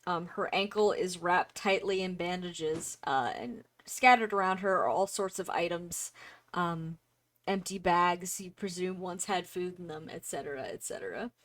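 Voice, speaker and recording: A woman's voice: fairly low pitch, moderate pace, fairly bright tone. A woman narrating a tabletop game as game master, loose and playful, with many fillers.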